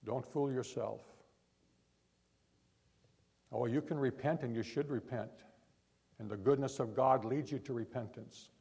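An older man, a pastor, preaching a sermon in church in an earnest, repetitive way, talking from the heart rather than yelling. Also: mid-range voice, normal speed, creaky, slightly rough.

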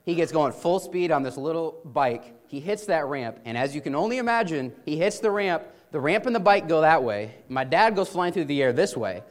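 A man's voice: on the high side, lively intonation, normal speed, few pauses. A man casually telling an amused personal anecdote with many restarts. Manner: chatty, amused, frequent restarts. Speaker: storyteller.

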